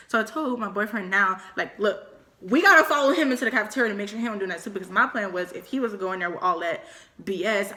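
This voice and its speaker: A young woman telling a school story in casual, slangy chat, acting out quotes. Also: medium pitch. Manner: animated, slangy, acts out quotes. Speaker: storyteller co-host.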